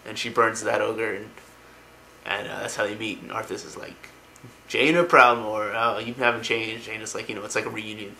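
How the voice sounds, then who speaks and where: A man's voice: lowish voice, completely flat delivery, fairly quick, gravelly, sharp tone, a little hiss or hum. A man casually retelling video game lore, rambling with lots of ums and likes. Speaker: lore explainer.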